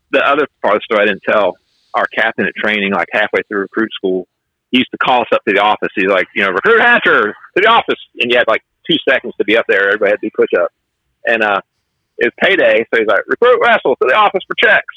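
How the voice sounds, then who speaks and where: A man's voice: on the low side, quick pace, no echo, dull audio. A man who is a fire officer, telling stories in a conversational interview and acting out the lines of the people in them. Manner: animated storyteller who acts out quotes.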